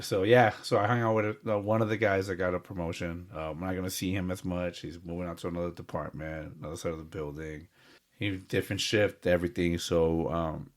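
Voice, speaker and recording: A man with a very low, deep voice talks casually as a podcast co-host. He speaks earnestly and from the heart, rambling along with plenty of fillers and restarts. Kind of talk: casual chat.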